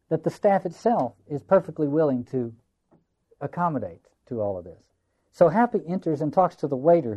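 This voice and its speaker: A man's voice: a little high, dark tone, muffled recording. A man giving a lecture on a play, musing and reflective, repeating phrases for emphasis.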